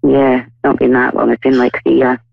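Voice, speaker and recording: A woman with an Edinburgh Scottish accent, calling in to the show with a cold. Her voice sounds rough and she gives short, hesitant answers. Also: extremely low pitch, flat delivery, brisk. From Scotland. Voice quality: rough, gravelly. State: has a cold. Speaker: caller. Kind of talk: call-in conversation. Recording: dull lo-fi phone line.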